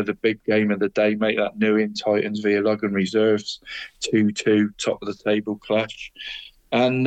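A man with a lilt runs through grassroots football results in a relaxed podcast chat. His pitch sits in the middle range, and he peppers his talk with "mate" and little fillers as he goes. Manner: chatty, says "mate" after almost every phrase. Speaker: co-host of a local football podcast. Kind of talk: casual chat, reading out results.

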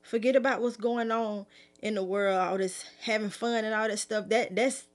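Middle-aged woman preacher, easygoing and conversational. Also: moderate pace. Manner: fervent, pleading, raised pitch at first; relaxed conversational afterword. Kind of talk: prophetic sermon, then casual talk.

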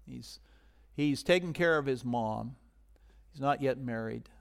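A male pastor giving a sermon in a conversational way, swinging from loud emphasis down to a near-whisper. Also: mid-range voice, unhurried, creaky.

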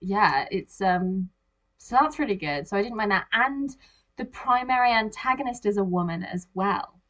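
A woman's voice: mid-range voice, expressive, moderate pace, a bit bright. A woman in casual conversation about a movie, talking animatedly and acting out her own reactions as little quoted asides.

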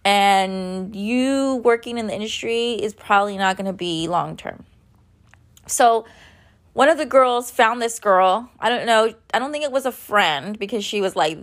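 A woman's voice: mid-range voice, lively intonation, moderate pace. A woman in her thirties telling a story in a casual, rambling way, with lots of filler words and blunt swearing, sounding tired. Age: 30s. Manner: chatty, rambling, many "like" fillers.

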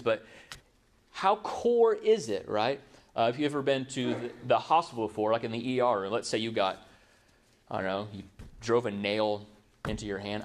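A man preaching a conversational sermon to his congregation, often ending points with rhetorical questions. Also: mid-range voice. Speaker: pastor.

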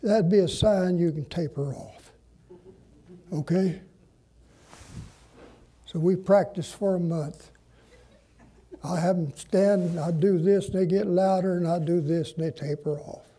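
Older man, pastor, folksy storytelling sermon, husky voice pitched high. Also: warm tone. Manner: folksy, drawn-out preaching with dramatic pauses.

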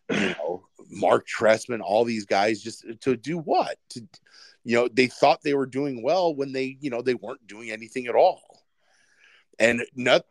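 A man's voice: fairly low pitch, no room sound. A man co-hosting a casual sports podcast, rambling with many fillers and restarts. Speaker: podcast co-host.

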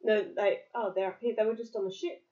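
A woman reading a picture book aloud to a child, lively, pausing to explain words and answer questions. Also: mid-range voice, dull audio, slight background noise.

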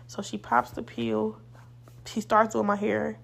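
A woman's voice: fairly high pitch, little pitch movement, a little slow, gravelly. A young woman hosting a podcast, telling a casual storytime monologue in a blunt, profane, rambling way. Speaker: podcast host.

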